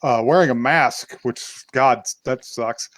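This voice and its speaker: A man's voice: mid-range voice, slow pace, fairly bright tone, no echo, clean studio sound. Rambling laughing male podcast host. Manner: rambling, laughs often, acts out lines in little voices. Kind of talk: casual chat recapping an anime.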